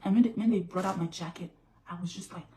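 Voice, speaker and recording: A woman's voice: lowish voice, quick pace, warm tone, recorded from a distance. A woman vlogger telling a personal story to her viewers, repeating phrases for emphasis. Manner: repetitive, emphatic retelling. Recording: roomy echo.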